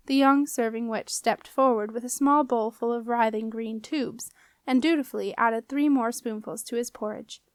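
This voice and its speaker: A woman reading a children's fantasy novel aloud in an even, measured storytelling voice. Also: a little high, no room sound. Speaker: audiobook reader. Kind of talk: audiobook narration.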